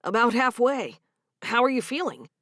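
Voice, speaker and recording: A woman's voice: on the high side, very animated, normal speed, a bit bright, no room sound, clean studio sound, voice pushed up. A woman voicing a good-natured young Amish husband, in her own voice. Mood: warm.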